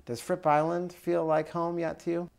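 A man's voice: a little high, little pitch movement, moderate pace, vocal fry, a little mellow. A man interviewing an author, asking polite, admiring questions.

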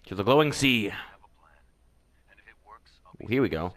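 A man giving let's play commentary, excitable, often shrieking and laughing as he talks to the game. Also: fairly low pitch, unhurried. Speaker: gamer.

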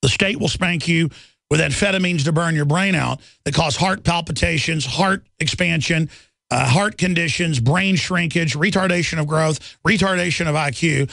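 A man's voice: fairly high pitch, normal speed, vocal fry, a bit bright, no echo. A middle-aged man hosting a radio talk show, delivering an indignant, rambling monologue full of repeated words and restarts.

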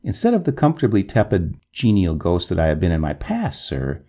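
A man's voice: a little high, wildly swooping pitch, moderate pace, gravelly, warm tone, husky, voice pushed up, exaggerated voice. A man voicing a cold, pleading female water ghost of an old manor, melodramatic and imploring in a storybook reading. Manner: pleading, melodramatic, rising to wails.

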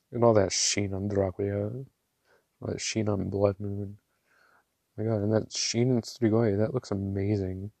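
A man in an excitable, gushing home vlog, talking up close in a dry room. His voice sits fairly low. He bursts into delighted praise often. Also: vocal fry, dry recording. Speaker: ink reviewer. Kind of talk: casual show-and-tell vlog.

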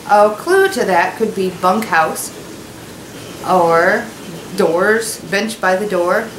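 A woman's voice: on the low side, a little hiss or hum, rough recording. A woman teacher at home reading a novel aloud to her students, stopping for chatty asides that explain words. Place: at home, kitchen nearby.

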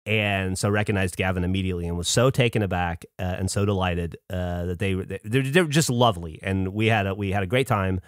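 Dry-voiced man telling a lively story. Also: sits low, brisk, hardly any pauses, no echo. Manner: animated storyteller, acts out quoted voices. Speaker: podcast co-host. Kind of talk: casual chat, telling a story.

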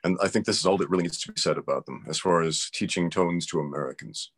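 A man's voice: low-pitched, fast talker, fairly bright tone. A man in a casual interview conversation, explaining his views emphatically and with strong opinions.

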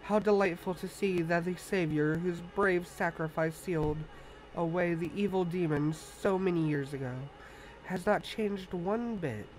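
A man voicing a gentle, reverent female tree spirit, reading game dialogue aloud in a slow, solemn manner. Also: high-pitched, a little hiss or hum, rough recording.

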